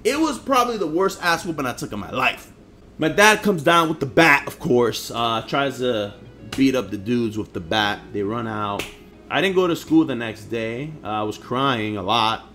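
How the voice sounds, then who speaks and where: Over soft background music, a young Harlem-raised vlogger recounts personal stories with blunt, slangy profanity. His mid-range voice is expressive, pushed and bright, moving at a moderate pace.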